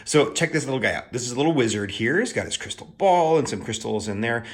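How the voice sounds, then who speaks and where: A man's voice: medium pitch, expressive, fast talker. A man hosting a casual tarot video, explaining things in a playful, chatty way with plenty of asides and fillers.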